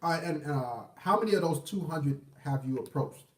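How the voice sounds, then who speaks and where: A man's voice: a little high, expressive, moderate pace, distant mic. Blunt, profane man hosting a call-in stream. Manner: blunt, profane, pleading with callers. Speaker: call-in show host. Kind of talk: casual live-stream call-in talk. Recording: echoey room, off-mic.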